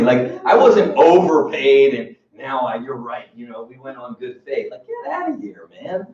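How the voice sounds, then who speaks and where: Guy giving a sales training talk, super animated, echoey room, mic kinda far off. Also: mid-range voice, moderate pace, hardly any pauses. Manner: animated storyteller acting out bosses, laughing, street-talk swearing. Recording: roomy, distant, muffled room recording with background noise.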